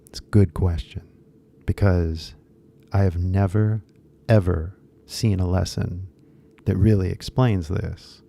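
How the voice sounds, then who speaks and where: A man's voice: deep voice, fairly even intonation, slow, gravelly, dark tone. A man with an American accent giving a casual, rambling English pronunciation lesson, repeating key words for emphasis. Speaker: English teacher.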